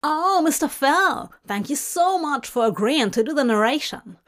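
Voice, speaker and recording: A cheerful young woman, as a reader voices her speaks brightly and politely. Her voice sits high and lifts when she calls out, in a read-aloud fanfic story. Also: lively intonation, moderate pace. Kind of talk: fanfic audiobook reading.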